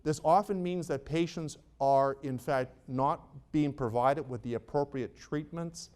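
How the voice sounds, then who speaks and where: A middle-aged man gives a medical conference lecture in a fairly high voice. He speaks conversationally as a psychiatrist addressing clinicians, and he often turns to the audience with rhetorical questions and wry asides. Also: unhurried, darkish tone, clean tone. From Canada.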